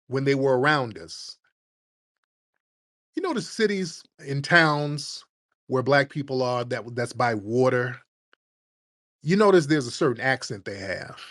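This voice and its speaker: A man's voice: mid-range voice, lively intonation, unhurried, long pauses, fairly bright tone, no room sound. A man, hosting a call-in stream, speaks bluntly and argues hard with plenty of profanity. His voice sits in an ordinary middle range. It is recorded dry and close, with no room sound. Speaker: show host. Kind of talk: casual livestream talk.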